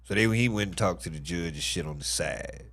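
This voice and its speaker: A man hosting a casual livestream commentary, animated and profane, full of exclamations. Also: low voice, a little fast.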